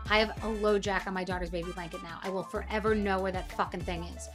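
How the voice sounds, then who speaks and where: A woman's voice: mid-range voice, fairly even intonation, quick pace, over music. A middle-aged woman hosting a podcast, talking in a blunt, profane, emphatic monologue. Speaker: podcast host. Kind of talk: casual monologue.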